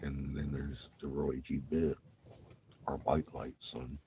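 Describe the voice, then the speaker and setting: A man's voice: very deep voice, little pitch movement, slow, background noise. A man telling rambling, profane stories about his navy days in casual vlog talk, laughing often between lines.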